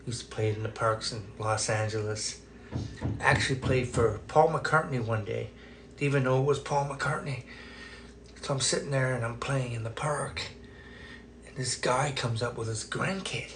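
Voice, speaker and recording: A man's voice: mid-range voice, moderate pace, a bit bright. A man, a flute player and actor, casually telling a story to the camera in a rambling way, with many fillers and restarts. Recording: distant mic with noisy ambience.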